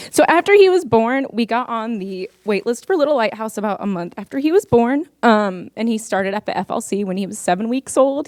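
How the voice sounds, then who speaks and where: A woman's voice: on the high side, darkish tone, dry recording, clean studio sound. Earnest young woman giving a heartfelt talk. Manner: earnest, heartfelt, frequent ums. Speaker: parent speaking to an audience. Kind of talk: personal speech at an event.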